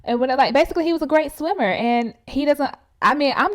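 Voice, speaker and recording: A woman with a slightly high voice runs through a reality show episode in a casual recap. She talks straight to her viewers in a loose, animated way, full of "like" and "you know.". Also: fast talker. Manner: speaks straight to viewers as "y'all".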